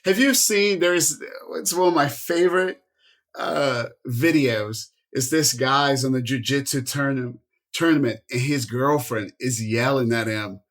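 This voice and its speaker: A man's voice: mid-range voice, unhurried, a bit bright. A man hosting a podcast, chatting in an easygoing way. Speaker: podcast host. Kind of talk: casual podcast chat.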